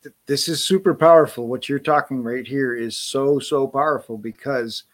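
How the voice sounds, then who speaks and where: A man in a casual coaching chat, enthusiastic, often repeating himself, dropping low to voice a doubting inner voice. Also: normal speed. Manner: enthusiastic, repeats and restarts, drops to low muttering for quoted inner voice.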